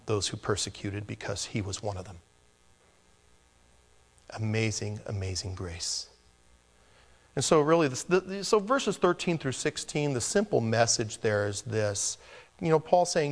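A man preaching a verse-by-verse sermon in a conversational way. He drops to hushed, near-whispered appeals, then rises into emphatic exhortation. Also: medium pitch, expressive, measured pace. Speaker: pastor. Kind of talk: expository sermon.

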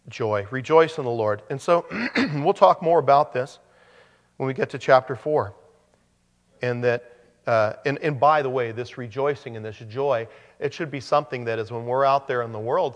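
A man's voice: medium pitch, long reverb tail. A man preaching a sermon as pastor, in a conversational manner with joking asides.

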